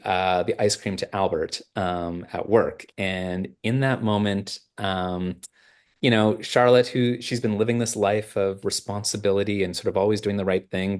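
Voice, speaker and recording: A man's voice: lowish voice, darkish tone. A man from Canada, a film writer and director, chatting in an interview and telling stories with many fillers and restarts. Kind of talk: casual interview chat.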